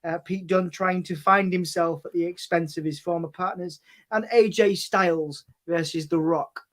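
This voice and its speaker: High-voiced man rattling off plans. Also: fairly even intonation. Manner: rapid listing with many fillers. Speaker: guest co-host. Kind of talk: casual chat.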